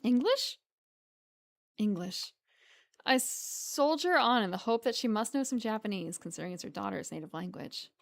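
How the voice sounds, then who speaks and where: A woman's voice: medium pitch, animated, brisk, creaky, few pauses. A woman streamer reading a visual novel aloud and commenting between lines in a casual way.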